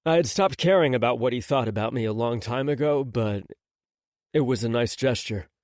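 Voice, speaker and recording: A man reading the part of a gentle, hesitant adult man in an audiobook, softly and without fuss. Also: medium pitch, normal speed, no room sound, studio quality, lightly acted. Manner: soft and hesitant.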